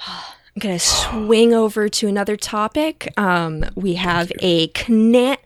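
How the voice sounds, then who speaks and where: A woman's voice: mid-range voice, slow pace, dry recording, clean studio sound. A woman co-hosting a casual chat, gushing with enthusiasm and leaning on lots of fillers. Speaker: podcast co-host.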